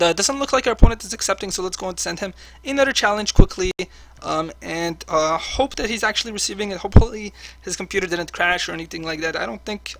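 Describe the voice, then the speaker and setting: A man's voice: high-pitched, fairly bright tone. A man commentating his own online card game match as he plays, chatty and full of filler words. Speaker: online card game player and channel host. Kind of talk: live gameplay commentary.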